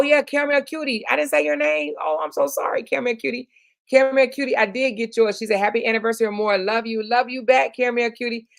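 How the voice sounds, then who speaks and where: A woman's voice: medium pitch, vocal fry, no room sound. A woman hosting a casual live stream, reading viewers' comments aloud and calling them honey and girl in an affectionate, chatty manner. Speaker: YouTube live stream host.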